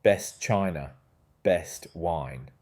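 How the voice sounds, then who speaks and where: Man reading a composed woman gardener, deep and flat, firm and matter-of-fact. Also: drawn-out words.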